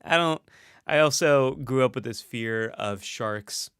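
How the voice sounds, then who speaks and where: A man's voice: medium pitch, takes it slowly, a bit bright, clean tone, no echo, clean studio sound. A man hosting a casual live stream, reading out viewer comments in a chatty, self-deprecating way with frequent laughs.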